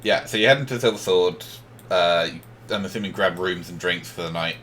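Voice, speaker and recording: A man's voice: deep voice, brisk, fairly bright tone, slight background noise. A man running a tabletop game as game master over voice chat, laid-back, laughing often and restarting his sentences. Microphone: voice chat microphone.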